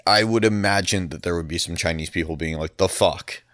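A man co-hosting a casual podcast chat, relaxed and hesitant with lots of ums. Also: deep voice, quick pace, no room sound, studio quality. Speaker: podcast co-host.

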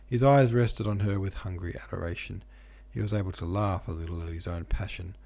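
A man narrating a classic novel as a podcast audiobook reader, steady and unhurried. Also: deep voice, gravelly.

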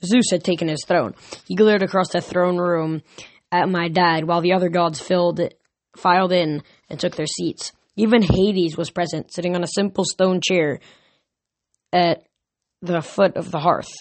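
A man's voice: high-pitched, fairly even intonation, normal speed, dry recording. A man reading a novel aloud casually, with small slips and restarts. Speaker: audiobook reader. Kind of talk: amateur audiobook reading.

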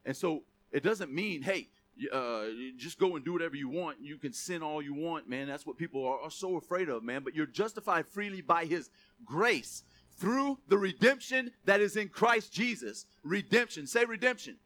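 A pastor preaches in a bright, slightly high voice. He talks casually with his congregation and then pushes into emphatic, ringing calls. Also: expressive, normal speed. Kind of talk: sermon.

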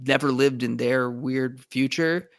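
A man's voice: medium pitch, fairly even intonation, measured pace, dry recording. A man with a mid-range voice talks through a TV show in a loose, rambling way, often restarting his sentences. The recording is dry, with no room sound. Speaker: podcast co-host. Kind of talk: casual chat about a TV show.

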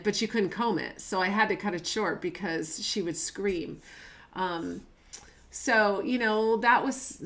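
A woman's voice: medium pitch, fairly bright tone. A middle-aged woman co-hosting a podcast, candidly telling stories about raising her child, rambling with fillers and restarts. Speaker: podcast co-host, mother. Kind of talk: candid conversational storytelling.

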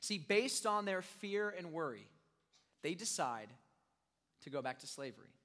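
A young man preaching a sermon, animated and joking with the crowd as he acts out scenes. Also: high voice, unhurried. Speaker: youth pastor. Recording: long reverb of a large hall.

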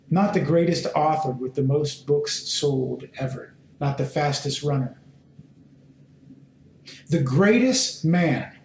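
A man teaching a sermon and reading scripture aloud, speaking in short, deliberate phrases and pressing his listeners with emphatic questions. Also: fairly high pitch, a little mellow, a little hiss or hum. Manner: slow, deliberate phrasing in short measured fragments. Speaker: Bible teacher. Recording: roomy echo.

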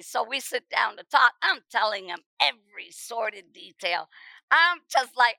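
High-voiced woman preaching her testimony. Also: expressive, a little slow, vocal fry, no echo, low-quality recording. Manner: emphatic storytelling, voice rising to shouts at dramatic moments; repeats words when stirred. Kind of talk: testimony sermon.

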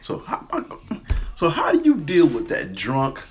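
Animated man telling a wild story. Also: a little slow, noisy background. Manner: animated storyteller, acts out quotes in a loud high voice. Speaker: podcast host. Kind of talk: casual storytelling chat.

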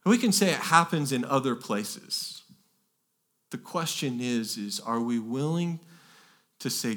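A man's voice: medium pitch, animated, measured pace, fairly bright tone. A pastor preaching a sermon, earnest and emphatic, often repeating words and pushing his voice up to stress key phrases.

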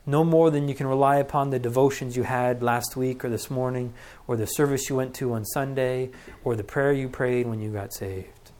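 A middle-aged man preaching a sermon as pastor, earnest and conversational, acting out deep breaths. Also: fairly even intonation, moderate pace, darkish tone.

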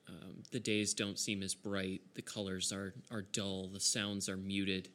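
A man's voice: low-pitched, level tone, a little slow, a bit bright. A man narrating as game master of a tabletop game, easygoing, with frequent chuckles and fillers.

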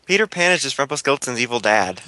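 A man's voice: medium pitch, sing-song, fast talker, sharp tone. A man in casual podcast chat, teasing his co-host and laughing often.

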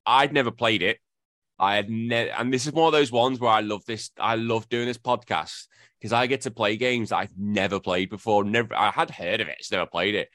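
A man with a lowish voice hosts a casual gaming podcast, rambling, correcting himself and joking around. His intonation stays fairly even, his speed is normal, and his tone is fairly bright.

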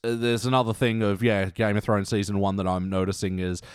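A man's voice: on the low side, flat delivery, brisk, clear, resonant tone, dry recording. Chatty, laughing man on a dry mic. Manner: chatty, laughs often, swears casually. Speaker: podcast co-host. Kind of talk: casual chat reviewing a TV episode.

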